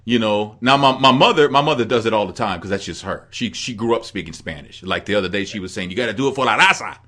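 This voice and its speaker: Talking fast in a fairly low voice, this middle-aged Midwestern podcast co-host spins stories during a laid-back chat. He's animated and breaks into laughter frequently.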